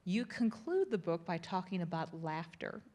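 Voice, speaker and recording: A woman moderating a public conversation who speaks in a brisk, organized and friendly way as she poses questions and opens the floor. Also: on the low side, big pitch swings, darkish tone. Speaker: event moderator.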